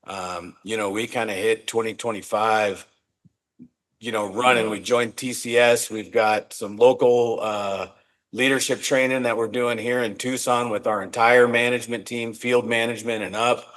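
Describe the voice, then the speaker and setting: A man's voice: on the low side, steady tone, moderate pace, fairly bright tone. A man being interviewed on a podcast as a company executive, speaking in an earnest, reflective way and often restarting his words. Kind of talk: casual interview talk.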